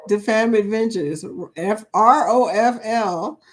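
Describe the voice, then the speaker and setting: Hosting a live stream, this slow-speaking woman of medium pitch laughs frequently while reading out comments from her viewers.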